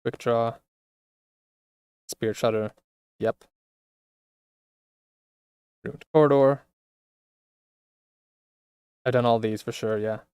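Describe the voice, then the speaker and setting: A man streaming a video game, relaxed and thinking aloud as he plays. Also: mid-range voice, slow, long pauses, clean tone, dry recording, studio quality. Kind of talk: casual let's-play commentary.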